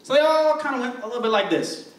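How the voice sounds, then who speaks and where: A young man doing stand-up, telling a story in an animated, crude, self-mocking way on a club stage. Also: very high voice, fast talker. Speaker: stand-up comedian. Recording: roomy stage sound from a distant mic.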